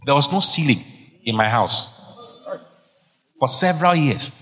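Man, middle-aged pastor, emphatic exhorting sermon, mid-pitched voice, long hall reverb. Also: animated, unhurried, sharp tone. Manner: emphatic, exhorting, repeats key phrases.

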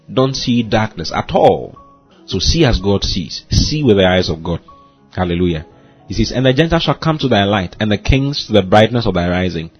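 A man's voice: on the low side, breathy edge, dull audio. A man pastor hosting a short devotional sermon, preaching emphatically and repeating key phrases. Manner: emphatic preaching, repeats phrases, says "you see" and "hallelujah" often. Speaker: pastor and host.

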